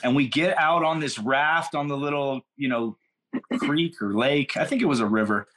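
A man's voice: mid-range voice, normal speed, fairly bright tone. Middle-aged california guy, chill and slangy, rambling through a story on a podcast. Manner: laid-back, slangy, rambling with fillers. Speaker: guest. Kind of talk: casual storytelling in a podcast interview.

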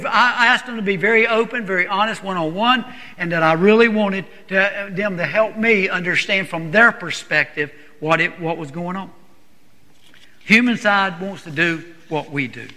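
High, sharp-voiced man preaching in a hall. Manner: earnest, emphatic, repeats and restarts. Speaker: church speaker. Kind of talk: sermon testimony to a congregation. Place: church.

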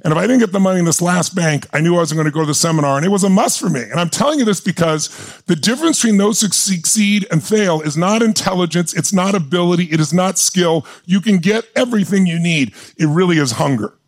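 A man's voice: high-pitched, quick pace. A man in his sixties, a motivational speaker telling a story at a live seminar with passion and intensity, rallying the crowd. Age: 60s. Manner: intense, passionate, rallies the audience.

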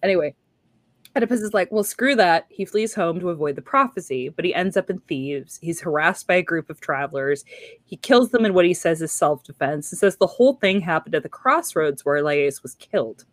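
A woman's voice: on the low side, lively intonation, a little fast, no echo. A woman hosting a podcast, retelling an ancient tragedy in an irreverent, profane, casual way. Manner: irreverent, profane, laughs often. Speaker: podcast host. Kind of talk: casual comic retelling of a myth.

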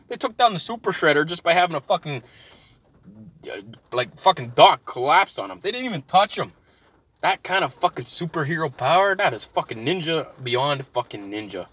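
Guy in his 30s ranting from his car, swearing nonstop, sharp bright voice. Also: medium pitch. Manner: swears constantly, heated and animated. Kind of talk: profane ranting monologue. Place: inside a car.

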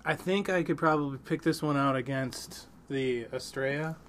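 A man in relaxed conversation, hedging his opinions and laughing often. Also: a little high, normal speed, a little hiss or hum. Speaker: podcast co-host. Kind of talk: casual beer-tasting chat.

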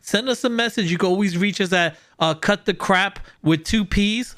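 A man's voice: high voice, moderate pace, few pauses, a bit bright. A man hosting a casual podcast, upbeat and encouraging as he gives advice and signs off the episode. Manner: upbeat, encouraging, laughs along. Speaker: podcast host. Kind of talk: casual podcast chat and sign-off.

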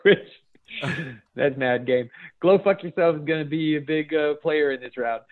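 A man's voice: fairly high pitch, moderate pace. A man hosting a casual chat, reading funny posts aloud and laughing often. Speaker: podcast host. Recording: phone-like narrow sound.

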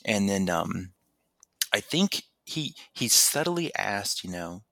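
Deep gravelly man telling a story. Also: slow, no echo. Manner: animated, acts out quotes in raised voice, many restarts. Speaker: podcast guest telling his story. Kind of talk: casual storytelling.

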